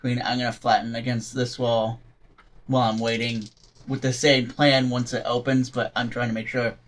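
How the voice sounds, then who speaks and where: A man playing a tabletop game, speaking quietly and deliberately. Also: mid-range voice, level tone, a little hiss or hum. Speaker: player.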